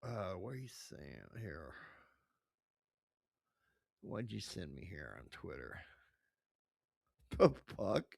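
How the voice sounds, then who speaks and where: Gravelly, profane male streamer. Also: sits low, big pitch swings, very slow, long pauses, a little mellow, no echo, studio quality. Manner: profane, rambling, laughing asides. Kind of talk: casual live-stream commentary.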